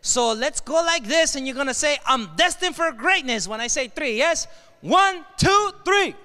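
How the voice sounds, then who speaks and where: Mexican-accented male keynote speaker, smooth resonant high voice, rousing call-and-response delivery in an echoey hall. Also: animated, moderate pace. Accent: Mexican Spanish. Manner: call-and-response with the audience, bursts of shouting. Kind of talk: energetic motivational speech to a crowd. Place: large hall at a leadership conference. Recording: echoey hall, long reverb.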